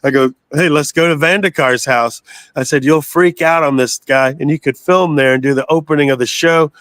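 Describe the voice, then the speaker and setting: A man's voice: fairly high pitch, steady tone, normal speed, a bit bright, no room sound. A man in his sixties from the United States, a guest telling long rambling stories in a casual interview and swearing freely. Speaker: guest, metal singer.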